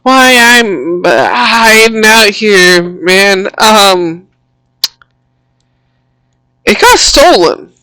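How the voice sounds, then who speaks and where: A woman's voice: mid-range voice, lively intonation, drawn-out words, pauses often, sharp tone, smooth, no echo, heavily acted, poor audio. A woman voicing a nervous, frightened man in hiding, who talks in a panicked, pleading whimper. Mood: scared, pleading.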